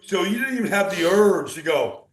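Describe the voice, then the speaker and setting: A man talking as a football analyst guest, rambling and animated, with many restarts. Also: high-pitched, normal speed, echoey room, low-quality recording. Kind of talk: casual sports talk.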